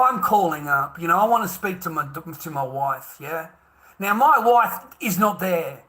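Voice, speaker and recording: A man's voice: sits high, bright, forceful tone. A middle-aged Australian man in a heated, profane rant, scornful and laughing bitterly. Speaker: vlogger. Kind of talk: angry ranting monologue.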